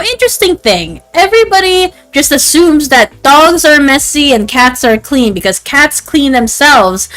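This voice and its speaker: A woman's voice: high voice, fairly bright tone, low-quality recording. A woman in her twenties chatting casually on a stream, rambling and interrupting herself with lots of fillers. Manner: rambling, self-interrupting, frequent "like" and "um". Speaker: VTuber streamer.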